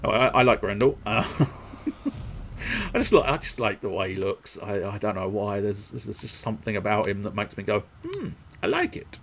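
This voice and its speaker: A man's voice: lowish voice, steady tone, fast, hardly any pauses, a bit bright, a little hiss or hum. A man streaming a video game, rambling casually with jokes and a self-deprecating streak. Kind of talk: casual gameplay commentary.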